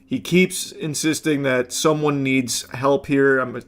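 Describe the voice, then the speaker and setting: A man's voice: mid-range voice, steady tone, a little slow. A young man streaming, casually commenting on a clip, rambling with fillers and casual swearing.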